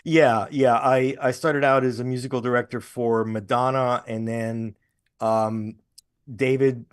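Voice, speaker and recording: Guest voice: easygoing man, mid pitch, rambling storyteller on a video call. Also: unhurried, smooth. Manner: relaxed anecdotal storyteller, many restarts. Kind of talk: casual interview storytelling.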